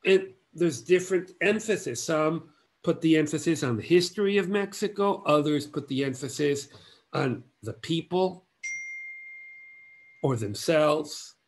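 A man giving an illustrated art history lecture in measured, halting phrases broken by long pauses. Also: fairly high pitch, lively intonation.

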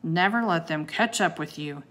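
A woman voicing a gruff, commanding old male ice wizard who bellows and growls. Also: deep voice, normal speed, a bit bright.

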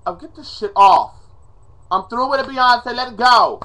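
This vlogger's voice is very high-pitched, expressive, pushed and bright, moving at a normal pace. Recording himself on a webcam at home, he delivers a dramatic, profane rant and pleads in exasperation as faint music plays behind him.

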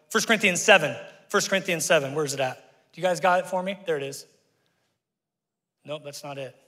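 A man in his forties preaching a sermon as a pastor, animated and conversational, with frequent asides to his congregation. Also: sits high. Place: church sanctuary. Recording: long church hall reverb.

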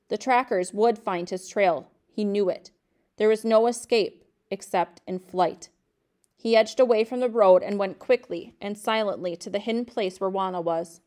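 A woman teacher reading a novel aloud to her class in a steady, measured narration. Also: mid-range voice.

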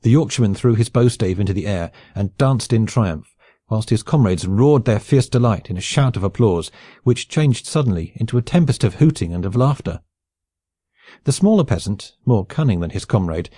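Male audiobook narrator, measured storytelling, mellow tone, dry close recording. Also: fairly low pitch, animated, husky, dry recording. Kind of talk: scripted narration of a classic novel.

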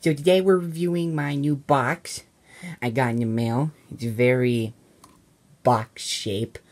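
A man's voice: mid-range voice, fairly even intonation, a little slow, a little mellow. A man acting a home-made skit in a casual, mumbling way, with frequent sighs.

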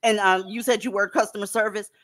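A woman's voice: medium pitch, steady tone, fast talker, a bit bright. A woman hosting a casual online panel chat, blunt and profane, lecturing her listeners. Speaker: panel host.

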